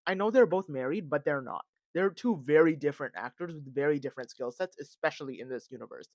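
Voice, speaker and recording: A man hosting a podcast, talking in a casual, animated and dramatic rant full of fillers and recorded on a phone. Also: fairly high pitch, quick pace, dry recording, studio quality. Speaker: podcast host. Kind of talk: casual ranting commentary.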